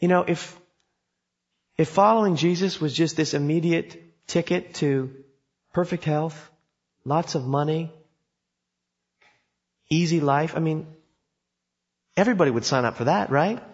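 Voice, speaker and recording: A man's voice: on the high side, unhurried, pauses often, husky. A man preaching a sermon, telling a story with emphasis and putting questions to his listeners. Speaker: pastor. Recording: dull sound in a reverberant hall.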